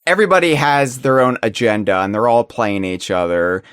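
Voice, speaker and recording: A man co-hosting a podcast in casual chat, talking in a rambling, animated way with many restarts. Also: mid-range voice, a little fast, clean tone, dry recording, studio quality. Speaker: podcast co-host.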